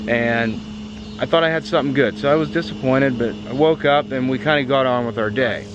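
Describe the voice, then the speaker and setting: A man vlogging about a car, telling a story to the camera in a chatty, excitable way with lots of fillers. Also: medium pitch, a little fast, muffled recording, noisy background.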